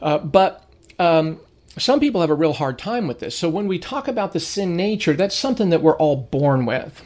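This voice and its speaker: A man's voice: fairly high pitch, big pitch swings, normal speed, a little mellow. Middle-aged man teaching a Bible lesson. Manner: conversational, storytelling, acts out quoted people.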